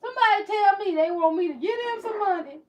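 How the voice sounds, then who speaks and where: A woman's voice: very high-pitched, quick pace, rough recording. A woman hosting a livestream for her beauty business, talking candidly in a rambling way with many restarts. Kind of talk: casual livestream chat.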